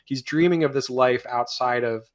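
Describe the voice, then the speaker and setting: A man co-hosting a podcast, chatting casually and retelling scenes with animated bits of character voices. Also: mid-range voice, moderate pace, no echo, clean studio sound. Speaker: podcast co-host. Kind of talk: casual show review chat.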